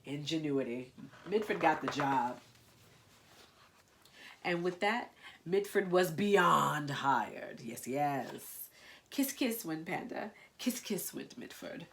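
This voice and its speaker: A woman's voice: deep voice, lively intonation, slow pace, slight background noise. A woman with a nasal voice reading a picture book aloud and breaking off for playful, gushing asides. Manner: playful, gushing asides between read lines.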